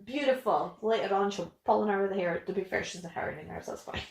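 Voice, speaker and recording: A woman's voice: mid-range voice, fast. Scottish woman podcast co-host, chatty and sweary, roomy sound. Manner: chatty, sweary, laughing often. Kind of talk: casual chat.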